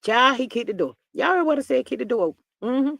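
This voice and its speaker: A woman hosting a casual gossip livestream, telling stories in a folksy, animated way and reading viewers' comments aloud. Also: high-pitched, fast, vocal fry, no echo. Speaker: livestream host.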